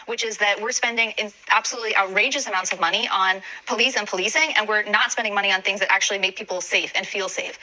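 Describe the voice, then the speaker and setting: A woman's voice: medium pitch, pushed and bright, low-quality recording. A woman answering interview questions in an evasive way.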